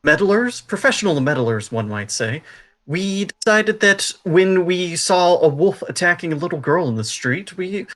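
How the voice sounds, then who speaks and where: A courteous elven gentleman adventurer, played by a man at the game table, with a somewhat high voice. He talks in careful, elaborately polite phrases and takes his time. The tone stays refined and formal. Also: animated, measured pace. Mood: earnest. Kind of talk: tabletop role-play in character.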